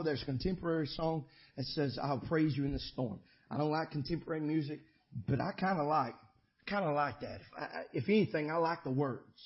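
A man preaching a sermon as pastor, shifting between shouted climaxes and quiet conversational asides. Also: a little high, highs cut off.

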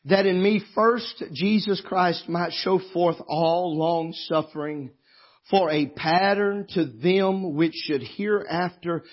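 Pastor preaching fervently in church, very high and husky, dull lo-fi sermon recording. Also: male voice. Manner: fervent preacher, swings from quiet reading to impassioned, tearful shouting.

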